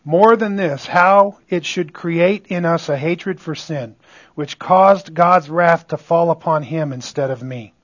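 A man preaches a sermon in a high voice and an unhurried, deliberate pace, pressing his points and then dropping to quiet asides. He keeps checking in with the room. The sound is dry and slightly muffled. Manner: call-and-response, asks "are you with me?"; emphatic, swings between loud stresses and quiet asides. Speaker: pastor.

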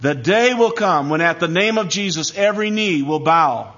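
Male pastor preaching, emphatic and measured, a bit high-pitched, on a muffled lo-fi recording. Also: lively intonation, a bit bright. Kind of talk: sermon. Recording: dull lo-fi recording.

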